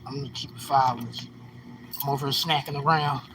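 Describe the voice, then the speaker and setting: A man's voice: medium pitch, fairly even intonation, brisk, distant mic. A man around forty from California, chatting to viewers on a livestream in a slangy, preachy way. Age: 40s. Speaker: livestream host. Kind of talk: casual livestream chat. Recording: phone mic held off, street noise.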